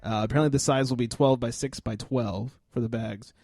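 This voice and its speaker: A man's voice: mid-range voice, steady tone, a little fast, darkish tone, dry recording. A man hosting a casual sports talk podcast, running through news items with dry, joking asides.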